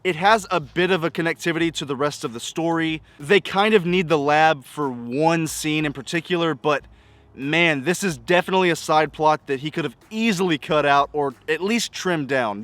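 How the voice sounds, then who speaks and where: A man's voice: a little high, moderate pace, a bit bright, no room sound. A man giving a casual spoken movie review, exasperated and nitpicking, stacking up rhetorical questions. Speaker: film reviewer.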